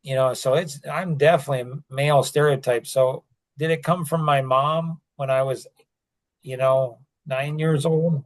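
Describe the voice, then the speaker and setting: A man's voice: mid-range voice, fairly even intonation, moderate pace. An older man hosts a loose, casual podcast conversation. He rambles, leans heavily on fillers, and often breaks off and restarts his sentences. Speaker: podcast host.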